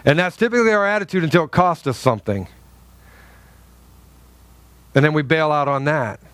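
Man, pastor, sermon, high voice, impassioned, rhetorical questions, dry close sound. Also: very animated, moderate pace, fairly bright tone, no echo. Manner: impassioned, repeats rhetorical questions, calls for amens.

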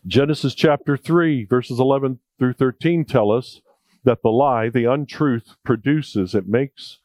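A man's voice: medium pitch, animated, moderate pace, a little mellow, no room sound. A male preacher delivering a sermon in a conversational, jokey way, repeating key points for emphasis.

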